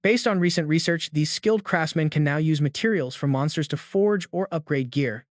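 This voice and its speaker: A man narrating a fantasy comic recap in an even, steady scripted reading. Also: fairly high pitch, normal speed, dry recording, studio quality.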